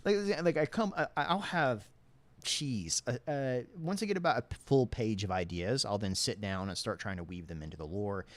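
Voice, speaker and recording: A man with a lisp answering viewer questions in a casual livestream chat, rambling and self-deprecating. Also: normal speed. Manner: animated, swings between low and high tones.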